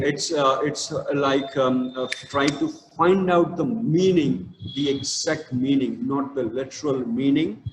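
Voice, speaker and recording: A man with an Indian English accent teaching an English literature class, with many fillers and restarts. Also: mid-range voice. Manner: slow stressed reading of verse. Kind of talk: online lecture. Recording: echoey room with long reverb, faint noise.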